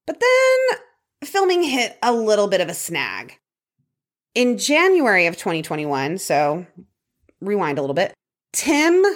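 A woman co-hosting a podcast, casually telling a true crime story from her notes with fillers and light laughter. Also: medium pitch. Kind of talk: casual chat reading prepared notes.

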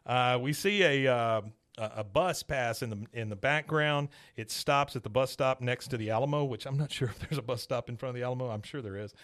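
A man's voice: medium pitch, brisk, hardly any pauses. A man hosting a podcast, recapping a cartoon episode in casual chat and acting out the characters' lines. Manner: animated storyteller, acts out quotes. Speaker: podcast host.

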